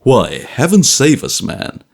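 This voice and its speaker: A man reading an audiobook and voicing an earnest, insistent older gentleman who acts as a guardian. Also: medium pitch, very animated, moderate pace, creaky.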